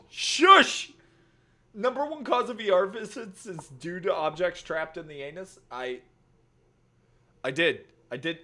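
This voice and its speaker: A young man streaming a game, chatting casually, cursing and laughing often. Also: fairly high pitch. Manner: profane, excitable, laughs often. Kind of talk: casual gaming stream chat.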